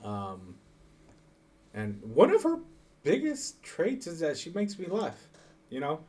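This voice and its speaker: A man in casual conversation who talks haltingly, restarts a lot and swears freely. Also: fairly high pitch, huge pitch swings, a little mellow. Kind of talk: casual chat.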